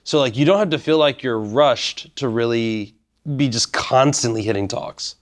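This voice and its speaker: A man interviewing a guest in relaxed, casual conversation, with lots of "like" and "you know.". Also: medium pitch, moderate pace. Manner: relaxed, filler-heavy, rambling talk.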